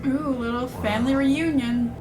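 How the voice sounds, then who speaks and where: A woman's voice: high voice, fairly even intonation, moderate pace. A woman giving casual reaction commentary, emotional, exclaiming and swearing often. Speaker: reaction video host. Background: episode audio and music.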